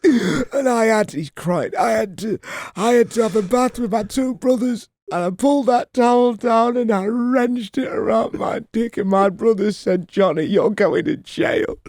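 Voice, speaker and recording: A brash middle-aged comedian bellows a crude tale at the crowd in a strained, high-pitched voice, as a man puts him on. The sound is dry and close. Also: a little slow, hardly any pauses, no room sound. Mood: wailing. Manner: loud, raucous storytelling, half-shouting.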